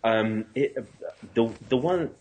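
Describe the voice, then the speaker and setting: A man's voice: mid-range voice, slow pace, darkish tone, muffled recording. A man as a podcast guest in casual chat, asking questions in a roundabout way with many fillers.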